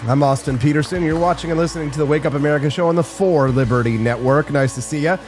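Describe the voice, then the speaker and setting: A man hosting a live political talk show, joking and sarcastic with quick asides. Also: a little high, a little mellow, soft background music. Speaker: host.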